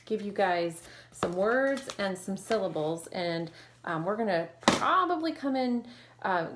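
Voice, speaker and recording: A woman teacher leading an online phonics lesson, modeling sounds clearly and slowly and praising her students. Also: mid-range voice. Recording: echoey room with faint noise.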